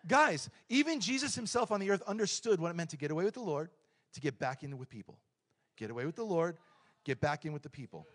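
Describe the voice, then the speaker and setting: A middle-aged man preaching a lively, joking sermon in a church, swinging between loud points and quiet asides. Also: sits high, quick pace. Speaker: pastor.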